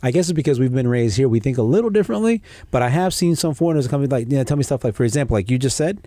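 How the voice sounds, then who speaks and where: In studio-quality audio with no room sound, a man of medium pitch talks very fast as a podcast guest. He tells stories in casual conversation, animatedly performing the voices of people he quotes.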